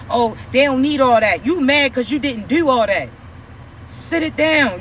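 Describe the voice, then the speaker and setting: Man with a very high voice, preachy confrontational vlogger, profane, faint street noise. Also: sharp tone. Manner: rhetorical questions at an imagined critic. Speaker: spiritual content creator. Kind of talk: preachy spiritual rant.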